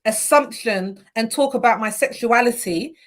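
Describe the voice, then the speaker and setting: A woman's voice: fairly high pitch, moderate pace. A young adult woman from the UK chatting casually and animatedly as a podcast guest. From United Kingdom. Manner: animated, acts out quoted thoughts. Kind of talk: casual chat.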